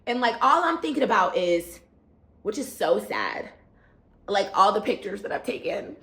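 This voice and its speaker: A young woman vlogger telling a travel story in a lively, animated way, sometimes acting out other people's lines. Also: a little high, moderate pace. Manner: animated, acts out voices and cries out while retelling. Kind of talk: storytime vlog, casual retelling. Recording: echoey room.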